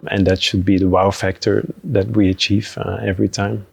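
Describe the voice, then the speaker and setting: Man, gravelly voice, monotone, casual chat, hesitant, dry close mic. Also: low voice, brisk, no room sound. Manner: relaxed, hesitant, many fillers. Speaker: venue team member.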